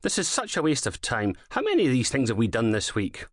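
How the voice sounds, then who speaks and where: A man's voice: mid-range voice, huge pitch swings, a little fast, dry recording, clean studio sound, pitched above the performer's own voice. A male reader voicing a cocky young police constable who complains in a sarcastic, fed-up tone. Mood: grumbling.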